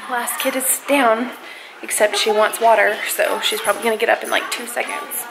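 A woman's voice: on the high side, steady tone, normal speed, vocal fry, background noise. A young woman chatting to the camera at home during the kids' bedtime routine, a casual family vlog. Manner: chatty, mom talking to kids and camera. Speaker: family vlogger.

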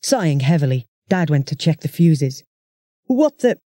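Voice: mid-range voice, moderate pace, warm tone, no room sound, studio quality. An audiobook narrator reading a children's story in a chatty first-person voice.

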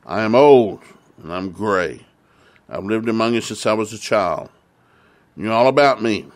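A man voicing an aging prophet in a retold Bible story, speaking in an earnest, measured, pleading way. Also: lowish voice, expressive, no room sound. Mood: solemn.

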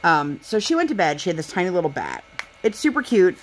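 A woman's voice: lowish voice, sing-song, fairly quick, slight background noise. A mother in her thirties chatting casually while she crafts, rambling and candid, venting her frustration with sighs. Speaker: vlogger and mother.

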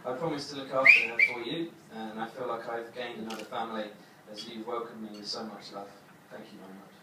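A young man giving his wedding toast as the groom, halting with many fillers and fighting back tears. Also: mid-range voice, fairly even intonation. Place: wedding reception hall. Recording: echoey hall from far off, crowd noise.

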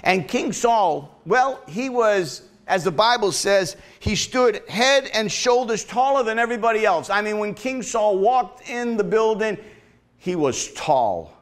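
A man's voice: high-pitched, animated, a little slow. A male pastor preaching a sermon in a church, talking conversationally and calling on the congregation to answer back. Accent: regional accent. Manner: conversational preaching with call-and-response. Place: church sanctuary.

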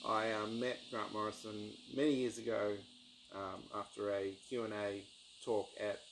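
A man talking casually about books from his shelf on his channel, rambling and enthusiastic with many pauses and ums. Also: fairly low pitch, little pitch movement, creaky, slight background noise, low-quality recording. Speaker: book-collecting YouTuber. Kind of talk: casual book review vlog.

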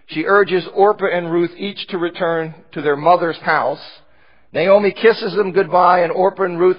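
A man's voice: sits high, lo-fi sound. A man teaching a Bible study in church, explaining scripture passages with frequent restarts.

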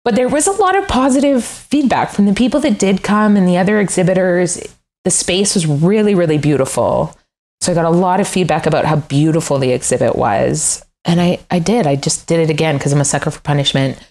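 A woman's voice: lowish voice, fairly quick, darkish tone. A middle-aged woman, a furniture designer, chatting candidly in an interview, self-deprecating and often laughing. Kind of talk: casual interview chat.

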